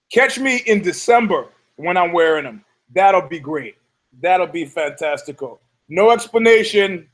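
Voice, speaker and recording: A man hosting a solo podcast, rambling in a sardonic, profane way with many restarts. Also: on the high side. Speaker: podcast host. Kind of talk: casual solo podcast monologue.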